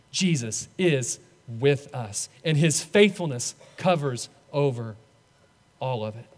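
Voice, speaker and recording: A man preaching a sermon as a pastor, earnest, and often easing into soft, slow closing phrases. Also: on the high side, in a large hall. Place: church sanctuary.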